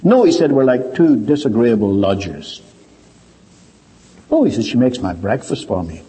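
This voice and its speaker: An older man preaching a sermon, telling stories and swinging between quiet low asides and raised, emphatic points. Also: big pitch swings, moderate pace. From Ireland. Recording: reverberant hall.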